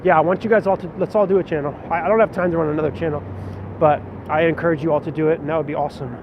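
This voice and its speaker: A man's voice: on the high side, steady tone, rapid-fire. Rambling man livestreaming from a city street. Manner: rambling, self-deprecating, reading comments aloud. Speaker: vlogger and stage actor. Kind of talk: casual live-stream chat while walking. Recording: muffled lo-fi phone audio with loud street noise.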